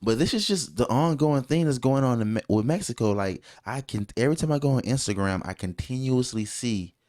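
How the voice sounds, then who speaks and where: A man co-hosting a casual podcast, talking in an animated, jokey, rambling way with many restarts. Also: mid-range voice, brisk. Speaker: co-host.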